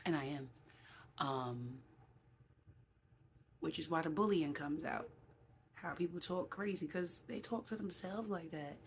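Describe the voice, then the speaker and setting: A middle-aged woman from New City, talking casually to camera in a vlog. She is animated and acts out quoted voices, with many fillers. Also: low-pitched, unhurried, long pauses, slight background noise. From New York City. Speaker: vlogger.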